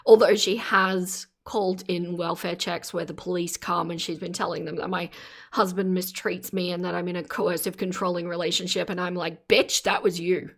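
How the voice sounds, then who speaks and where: A woman streams live from her phone camera, chatting casually and reading her chat aloud with earnest, sympathetic exclamations. Her voice is on the low side and gravelly, level in tone, at a moderate pace.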